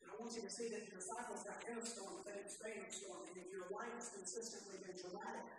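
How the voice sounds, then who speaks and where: A woman's voice: mid-range voice, steady tone, quick pace. A woman pastor preaching an impassioned sermon, repeating phrases and calling on the congregation to repeat after her. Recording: echoey hall from far off, noisy.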